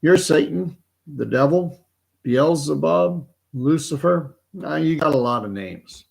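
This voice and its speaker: A man's voice: fairly high pitch, expressive, slow, gravelly, a little mellow, voice pushed up, exaggerated voice. A man voicing an unfazed, very old man in his nineties who answers the devil in a dry, matter-of-fact way. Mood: unbothered.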